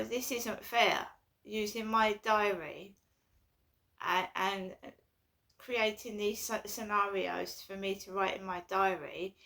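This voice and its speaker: A woman's voice: medium pitch, vocal fry, pushed and bright. A woman vlogging in a casual, anxious and rambling way, repeating her complaints. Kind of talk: casual personal vlog.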